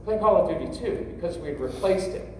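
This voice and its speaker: A man's voice: high voice, animated, fairly quick, mellow. Joking middle-aged man in an echoey hall. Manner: joking, rambling, talks straight to the audience. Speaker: parenting workshop speaker. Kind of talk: humorous workshop talk. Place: large convention hall. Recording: echoey hall, voice from a distance, faint noise.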